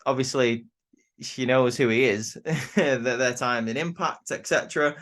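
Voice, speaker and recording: A young man talks through a wrestling episode in a loose, unscripted way. He stumbles and repeats words, restarts his thoughts and keeps rambling on at a middling pitch. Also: measured pace, fairly bright tone. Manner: rambling, stammers and restarts often. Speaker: wrestling show reviewer. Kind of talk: casual spoken review.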